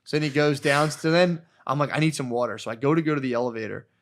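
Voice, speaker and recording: A podcast co-host with a fast, medium-pitched male voice tells a long, rambling story in casual chat, swearing freely and acting out quotes. A little hiss or hum sits on the recording.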